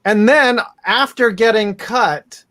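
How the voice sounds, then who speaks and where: A man's voice: high voice, takes it slowly, pushed and bright. A man co-hosting a casual sports chat, teasing the others and joking between segments. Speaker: podcast co-host.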